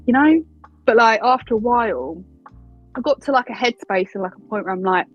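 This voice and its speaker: A young woman with an Essex accent talks openly in an interview, chatty and quick to laugh. Her voice is a little husky, and the sound is dry and slightly muffled. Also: mid-range voice, expressive, dry recording, soft background music. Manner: chatty, candid, laughs easily. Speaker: wrestling announcer and interviewer. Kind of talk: casual interview answers.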